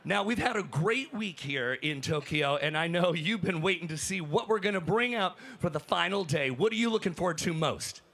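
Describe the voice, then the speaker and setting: A man working as a roving hype host on a crowded convention floor, energetic and calling out to fans. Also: high-pitched, moderate pace, hardly any pauses. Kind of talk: live event hosting.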